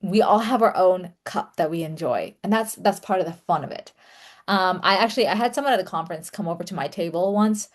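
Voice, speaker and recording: A young woman talking casually to her audience, chatty and relaxed, with many fillers and small laughs. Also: on the low side, fairly quick. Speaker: author and content creator. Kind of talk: casual solo talk to camera.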